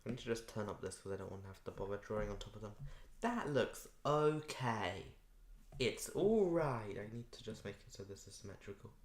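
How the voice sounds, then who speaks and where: A man's voice: on the low side, level tone, rapid-fire, few pauses, darkish tone. A man chatting casually on a live stream while he draws, rambling and poking fun at himself. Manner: rambling, self-mocking, repeats words playfully. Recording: echoey room, faint noise.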